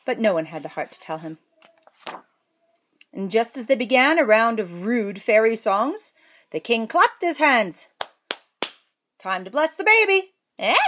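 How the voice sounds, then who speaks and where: A woman's voice: a little high, slight background noise. A woman reading a comic fairy tale aloud, playful with jokey asides. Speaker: storyteller. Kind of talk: playful storybook read-aloud.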